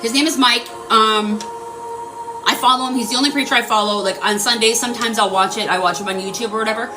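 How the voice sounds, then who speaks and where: A young woman talking casually to her viewers, animated and full of filler words, swearing freely. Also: on the high side, quick pace, over music. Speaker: energy healing vlogger.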